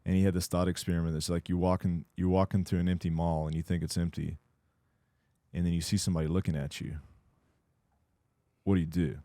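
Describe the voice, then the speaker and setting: A man's voice: sits low, flat delivery, brisk, long pauses, dark tone, dry recording, studio quality. A man co-hosting a coaching podcast, talking through ideas in a reflective, explanatory way. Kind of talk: casual podcast discussion.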